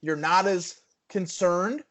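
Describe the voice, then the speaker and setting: A man co-hosting a podcast, thinking things through out loud in casual chat with many restarts. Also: sits high, takes it slowly. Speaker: podcast co-host. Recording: dull lo-fi podcast audio.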